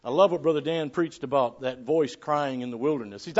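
A man preaching a sermon, reading scripture aloud and swinging between loud declarations and hushed asides. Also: medium pitch, a little fast, dull audio. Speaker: pastor.

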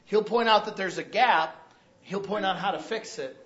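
A man preaching a sermon as pastor, loud and conversational, often checking in with the congregation. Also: high voice, moderate pace, lo-fi sound. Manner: loud, conversational preaching with frequent "right?" asides.

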